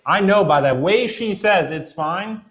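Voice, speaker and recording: A man's voice: high voice, expressive, unhurried, fairly bright tone. A man co-hosting a podcast, chatting casually and making his points with everyday examples. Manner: conversational, illustrates with everyday examples. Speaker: podcast co-host. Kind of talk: casual chat.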